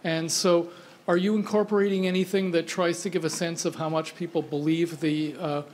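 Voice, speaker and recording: A man in the audience asking a question at a conference, halting and repeating words. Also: fairly high pitch, flat delivery, a little hiss or hum.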